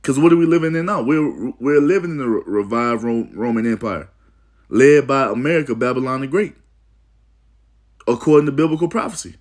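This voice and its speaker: A man's voice: medium pitch, fairly quick. A man preaching about prophecy, reading aloud from an article and breaking into emphatic asides, often repeating "you see" and "man.". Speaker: religious teacher.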